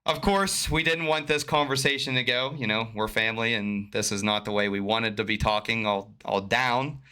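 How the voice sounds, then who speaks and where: A man's voice: mid-range voice, steady tone, moderate pace, sharp tone, clean tone. A man commentating for a gaming league, interviewing a player over voice chat in a friendly, chatty way. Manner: friendly, laughs easily, chatty. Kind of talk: casual post-game interview on stream. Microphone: voice chat mic.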